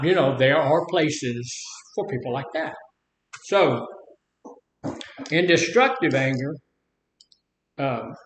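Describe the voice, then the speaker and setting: Leading a relaxed talk on anger, an older man with a higher-pitched voice rambles through homespun stories, acting out what people said. The room is echoey, with slight background noise.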